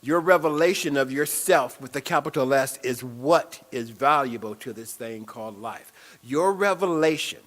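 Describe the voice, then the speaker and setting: A man's voice: medium pitch, moderate pace, a bit bright. A man preaching a sermon in a church, leading affirmations and prayer with repeated phrases. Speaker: spiritual speaker.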